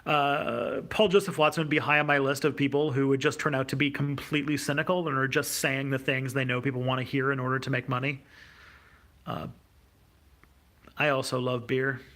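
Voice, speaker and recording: Male streamer, gravelly voice, casual unscripted Q&A, hesitant and halting. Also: medium pitch, level tone, a bit bright. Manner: hesitant, many fillers and restarts. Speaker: YouTube host. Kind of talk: livestream Q&A reading viewer questions.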